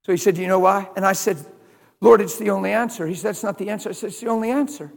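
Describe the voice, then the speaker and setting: A man with a very high voice preaches a sermon, moving between hushed, quiet moments and loud, emphatic bursts. A long reverb trails after his words, as in a large hall. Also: quick pace, gravelly. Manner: storytelling, swings from hushed to loud.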